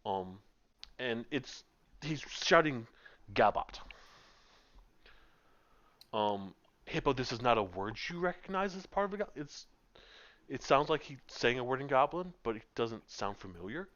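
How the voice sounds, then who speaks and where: A man with a medium-pitched voice and big pitch swings narrates a tabletop game as game master at a moderate pace. His fairly bright voice describes scenes at length with lots of ums, heard over muffled voice-chat audio.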